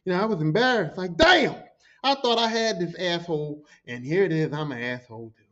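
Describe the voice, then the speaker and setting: A man with a high voice tells a work story on a podcast, swearing freely and acting out what people said. The recording sounds dull and lo-fi. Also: quick pace. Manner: profane, animated, acts out quotes. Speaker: podcast host.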